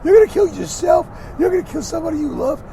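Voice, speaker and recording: A man's voice: expressive, fast, gravelly, slight background noise, heavily acted. A man putting on the voice of a panicky, overreacting worrier who shrieks frantic warnings. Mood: panicked. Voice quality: shrill, frantic shouting.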